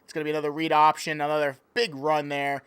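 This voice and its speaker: A man's voice: on the high side, completely flat delivery, fast, fairly bright tone, smooth, dry recording. A man calling play-by-play in a joking mock sports broadcast, playful and easily sidetracked. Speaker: play-by-play commentator.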